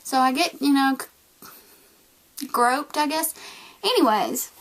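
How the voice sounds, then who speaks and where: A woman's voice: high-pitched, slow pace. A young woman from the United States with a Southern accent, casually telling a story to the camera and acting out the people in it. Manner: animated, acts out voices in her retelling. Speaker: vlogger.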